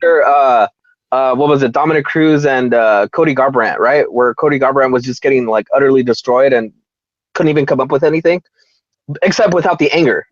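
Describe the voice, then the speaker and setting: A man's voice: mid-range voice, brisk, no room sound, highs cut off. A man co-hosting a sports podcast, chatty, with mocking asides. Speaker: podcast co-host. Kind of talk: casual chat.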